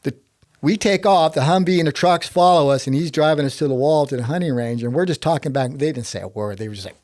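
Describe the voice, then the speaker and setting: A man from Texas, a podcast guest telling a lively story, often laughing and restarting his sentences. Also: a little high, fast, dry recording, studio quality. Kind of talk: animated storytelling.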